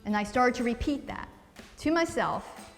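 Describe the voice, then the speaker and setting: A fairly high-voiced woman from New Jersey chats brightly as she walks through a recipe in a relaxed home-cooking vlog. Her voice carries some reverb, and soft music plays behind her. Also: moderate pace. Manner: chatty and upbeat, laughs easily. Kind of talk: casual cooking chat.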